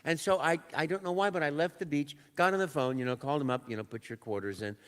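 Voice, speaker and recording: An older man spins an anecdote for a convention audience, his voice sitting slightly high. He is animated, slipping into other people's voices and imitating little sounds, with a story told from the stage. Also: quick pace, smooth. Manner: animated, acts out dialogue and sounds. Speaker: voice actor guest. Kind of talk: live panel storytelling. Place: panel room at a convention.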